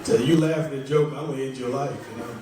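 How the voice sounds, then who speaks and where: A man speaks very fast in a steady, mid-range voice, working through a conversational, self-mocking stand-up set at a small club in a rambling way. Background noise is present, the room echoes, and his voice comes from a distance.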